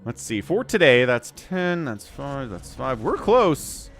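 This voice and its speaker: Lively male game-stream caster. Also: mid-range voice, takes it slowly, faint music behind. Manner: chatty, turns to excited play-by-play during fights. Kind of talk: live-stream game commentary and chat with viewers.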